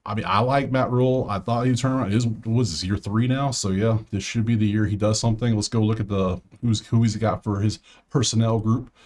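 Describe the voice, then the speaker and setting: Man, lowish voice, casual solo commentary, thinking aloud, fillers and restarts. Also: steady tone, fairly quick, hardly any pauses, darkish tone. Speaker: sports betting host.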